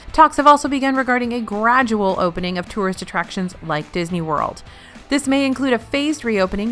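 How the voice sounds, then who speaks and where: A woman's voice: mid-range voice, fairly bright tone. A woman hosting a weekly news roundup, reading in a news-anchor style with playful asides. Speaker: news host.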